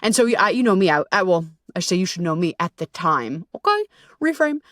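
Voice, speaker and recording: A woman's voice: lowish voice, big pitch swings, fairly quick, a bit bright, dry recording, studio quality. A woman hosting her own podcast, telling a story in a candid, casual way, full of swearing and fillers like "you know" and "like". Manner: candid, profane, conversational with frequent fillers. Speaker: podcast host and self-love coach.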